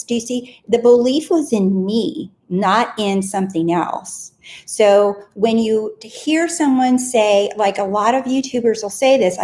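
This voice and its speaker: A woman's voice: a little high, unhurried, warm tone. A woman in her thirties, a success coach, giving a casual motivational talk to camera, earnest and repeating short self-affirmations.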